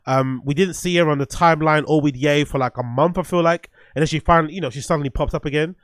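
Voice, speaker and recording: A man's voice: fairly high pitch, fast talker, dry recording, studio quality. A man hosting a podcast, giving blunt, profane opinions in casual commentary and thinking aloud as he goes. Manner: thinks aloud with restarts and fillers. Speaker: podcast host.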